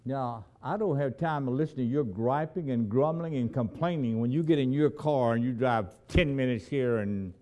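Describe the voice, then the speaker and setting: A man preaching a sermon as a missionary, telling stories with dramatic swings between loud emphasis and hushed, low lines. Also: normal speed, few pauses.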